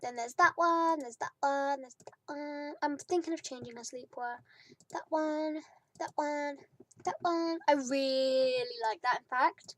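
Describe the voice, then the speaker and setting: Young British woman, high voice, chatty let's-play commentary, rambly with lots of fillers. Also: a little slow, a little hiss or hum. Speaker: gaming YouTuber.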